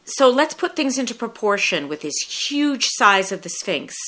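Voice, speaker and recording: A woman with a crisp, bright voice hosts a podcast. She asks questions and explains history with lively curiosity. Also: on the high side, moderate pace. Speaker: podcast host. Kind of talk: casual interview and explanation.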